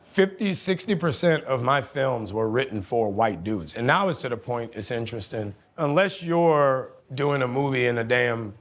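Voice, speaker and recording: A man, telling profane, animated stories as a guest on a casual podcast. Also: mid-range voice, moderate pace, few pauses. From New Orleans, USA. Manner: animated, profane storytelling with frequent laughter. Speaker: guest actor. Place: podcast studio.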